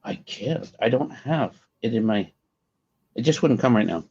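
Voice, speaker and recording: A man's voice: medium pitch, lively intonation, normal speed, warm tone, slightly rough. A man chatting on a livestream, hesitant and reluctant. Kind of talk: casual chat on a livestream. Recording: dull lo-fi sound.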